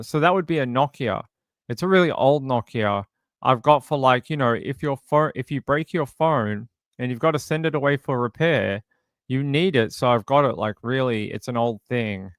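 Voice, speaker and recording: Smooth-voiced man reading a transcript. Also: mid-range voice, fairly bright tone, no room sound, studio quality. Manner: plain reading with many fillers and restarts. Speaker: true crime channel host. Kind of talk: reading a police interview transcript aloud.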